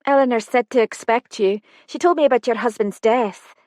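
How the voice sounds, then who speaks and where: A woman voicing a brisk young receptionist. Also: a little high, a little mellow, no room sound, studio quality, voice pushed up, lightly acted. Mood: polite. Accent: Scottish with a trace of Irish. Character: young dark-haired female hotel receptionist, helpful.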